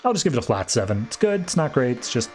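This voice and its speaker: A man's voice: medium pitch, sing-song, over loud music. A man hosting a podcast, recapping a comic book issue in a loose, casual way with many fillers. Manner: loose and chatty, many fillers, quick bursts. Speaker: podcast host.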